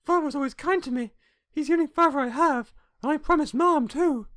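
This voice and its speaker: A man's voice: very high-pitched, fairly quick, fairly bright tone, dry recording, pitched above the performer's own voice. A man doing an earnest young girl's voice. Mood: worried. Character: young girl heroine, anxious and earnest.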